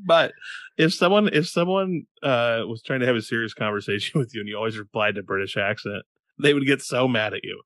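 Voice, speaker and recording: A man's voice: mid-range voice, animated, a little fast, a bit bright, dry recording, studio quality. A man co-hosting a podcast in casual chat, joking and laughing often while he talks. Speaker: podcast co-host.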